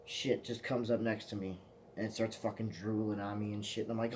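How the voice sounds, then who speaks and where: A man's voice: lowish voice, level tone, brisk, a little mellow, slight background noise. A man telling rambling, profane stories to the camera in a casual vlog, often laughing at himself. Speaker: vlogger.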